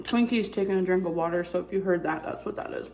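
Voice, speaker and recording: A woman's voice: fairly low pitch, quick pace, noisy background. Stuffy-nosed woman chatting while eating. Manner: chatty, rambling, chewing between remarks. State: stuffy nose, breathing heavily. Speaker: vlogger. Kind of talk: casual mukbang chat while eating.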